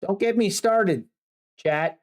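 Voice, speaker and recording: A woman's voice: mid-range voice, takes it slowly. A woman streamer chatting casually to her viewers, ranting in mock exasperation. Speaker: livestreamer. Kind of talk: casual livestream chat.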